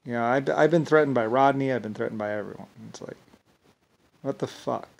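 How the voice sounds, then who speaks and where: Man with a gravelly, mid-pitched voice, rambling and halting through a loose monologue. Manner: halting, repetitive, many fillers and restarts; chuckles while telling stories.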